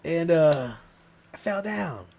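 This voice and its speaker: Animated, cursing male storyteller. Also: fairly high pitch, slow, vocal fry. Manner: profane, rambling, animated anecdote. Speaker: podcast co-host. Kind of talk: casual storytelling.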